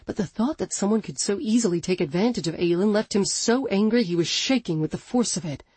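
Give me a woman narrating an audiobook with a dark, mellow tone, expressive and dramatic. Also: mid-range voice, fairly quick, breathy edge, no echo. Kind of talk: scripted narration.

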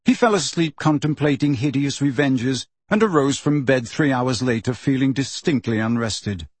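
A man narrating an audiobook in steady storytelling. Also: mid-range voice, moderate pace, slightly rough, dry recording. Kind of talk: scripted narration.

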